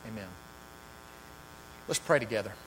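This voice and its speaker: This sermon comes from a pastor whose lowish voice has a fairly bright tone and moves at a normal speed. He reads scripture with growing emphasis, then shifts to prayer and loose, filler-laden talk. Long hall reverb and a faint mains hum are audible.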